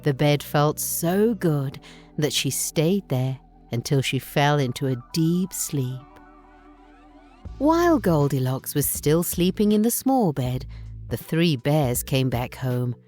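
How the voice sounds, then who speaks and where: A woman narrating a bedtime story in a slow, gentle, expressive reading. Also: low voice, faint music behind.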